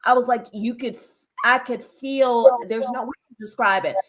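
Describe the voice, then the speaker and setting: A woman, a podcast guest telling a personal story in an animated way, often repeating herself and speaking straight to listeners. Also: a little high, normal speed, crowd noise, rough recording. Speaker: guest, author. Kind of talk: casual interview storytelling.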